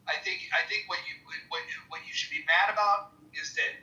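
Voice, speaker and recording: A participant in an online audio room talking in a rambling, halting way, full of restarts. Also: mid-range voice, pushed and bright, dull audio. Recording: echoey room sound.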